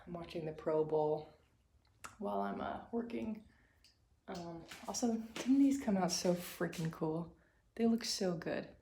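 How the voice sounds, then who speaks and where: In her indoor art studio, a woman artist and vlogger chats casually to camera, rambling with lots of fillers and side remarks. Her lowish voice is a little slow and creaky, in an echoey room with steady background noise and a passing train.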